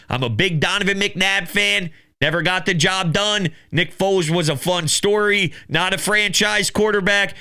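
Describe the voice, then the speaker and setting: A man hosting a casual sports talk show, taking calls and rambling excitably. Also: high-pitched, clean tone. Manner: excitable, laughing, rambling with restarts. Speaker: sports podcast host.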